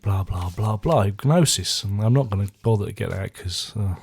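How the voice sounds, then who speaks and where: Bloke rambling about his records, low husky voice, dry jokes. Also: normal speed, a little mellow. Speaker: album reviewer. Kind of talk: casual chat.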